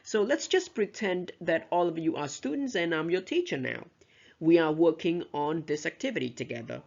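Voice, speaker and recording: A teacher lectures on pronunciation, explaining step by step and modeling example sentences aloud. The voice is medium-pitched, gravelly and a little mellow, with lively intonation and normal speed, on a dull, lo-fi recording.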